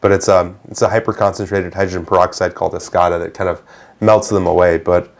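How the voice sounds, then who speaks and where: Male doctor co-host, lowish voice, fluent explainer with dry teasing. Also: steady tone, quick pace, creaky. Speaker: dermatologist co-host. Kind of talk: casual medical chat.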